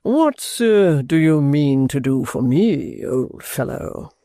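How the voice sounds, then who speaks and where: A man's voice: on the high side, sing-song, dark tone, dry recording, clean studio sound, exaggerated voice. A man voicing a pompous theatrical actor who drawls his words grandly. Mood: hammy. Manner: slow, drawn-out, grandly theatrical.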